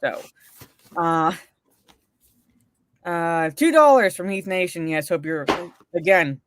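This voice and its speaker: A woman's voice: lowish voice, big pitch swings, takes it slowly, no echo. A woman co-hosting a casual livestream and reading out chat messages, talking in a rambling way with many fillers and restarts. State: recovering from a migraine. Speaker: co-host reading live chat.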